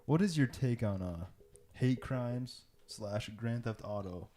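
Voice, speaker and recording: A man's voice: mid-range voice, takes it slowly, warm tone. Joking young man co-hosting a podcast. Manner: joking, riffs on absurd bits. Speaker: podcast co-host. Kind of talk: casual chat.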